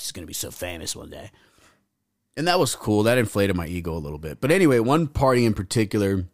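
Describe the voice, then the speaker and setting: A man's voice: on the low side, no room sound, clean studio sound. A young man hosting a podcast, telling a rambling, profane story in casual chat and acting out the voices of the people in it. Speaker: podcast host. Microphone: podcast mic.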